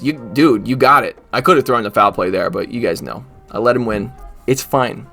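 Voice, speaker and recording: A man's voice: fairly low pitch, a little fast, vocal fry, sharp tone, faint music behind. Joking man doing gameplay commentary. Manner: joking, mock trash talk at the game. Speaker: gaming YouTuber. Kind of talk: casual live gameplay commentary.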